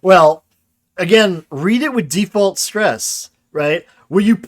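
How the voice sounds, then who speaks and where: On a casual livestream, a grammar lecturer with a voice a little higher than most men's explains things slowly and loosely. He reads chat questions aloud, replies to them, and keeps checking in with the audience, frequently adding "right?"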